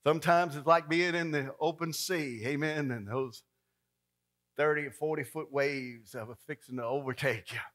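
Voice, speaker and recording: A man preaching a folksy, dramatic sermon that swings from loud to hushed. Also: fairly high pitch, steady tone, moderate pace.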